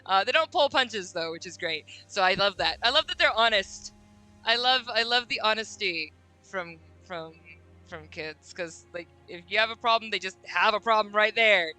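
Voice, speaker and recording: A woman streaming a game, chatting casually and reading dialogue aloud, giggling and gushing with squeaky quoted voices. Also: lively intonation, moderate pace, pushed and bright, faint music behind, rough recording.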